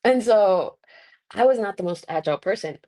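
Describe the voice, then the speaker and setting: A woman's voice: mid-range voice, moderate pace. A young woman wrestler in a casual interview, telling stories with quoted voices and frequent laughter. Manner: laughs often, animated storytelling with voiced quotes. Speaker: guest wrestler. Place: Mexico.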